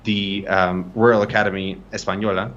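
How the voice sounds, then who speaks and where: A man's voice: low voice, little pitch movement, normal speed, fairly bright tone, dull audio, slight background noise. A man tutoring pronunciation in a casual live-streamed lesson, explaining loosely and checking in with frequent "right?". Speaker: language tutor.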